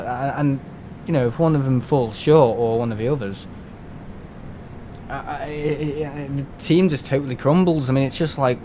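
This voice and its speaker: English guy rambling on his live stream, mid pitch, faint rumble behind. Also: a little mellow. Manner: chatty, rambling, many restarts and fillers. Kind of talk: casual live-stream chat.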